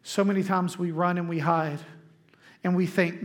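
A man, preaching a sermon as pastor, telling lively stories to the congregation and acting out quotes. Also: sits high, moderate pace.

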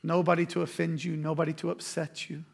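A man's voice: fairly high pitch, monotone, fast talker, creaky. A man preaching a sermon as a pastor, in a conversational, emphatic way with quoted asides.

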